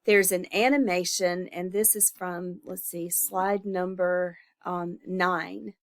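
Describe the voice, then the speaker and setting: A woman's voice: fairly low pitch, steady tone, takes it slowly. A woman instructor recording a lecture, her voice stuffy and congested from illness, speaking informally with fillers and self-corrections.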